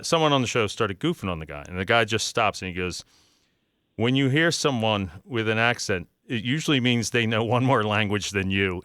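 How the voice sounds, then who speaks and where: A male talk radio host with a bright, forceful voice that sounds crisp and smooth. He chats casually and reads listener messages with running asides. The studio mic sounds close and dry. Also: medium pitch, no echo. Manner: chatty, reads listener texts aloud with asides. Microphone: studio microphone.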